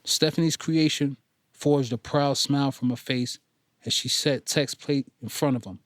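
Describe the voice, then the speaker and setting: A man reading a novel aloud as an audiobook narrator in a steady storytelling manner. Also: mid-range voice, moderate pace, no echo, studio quality. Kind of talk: scripted narration.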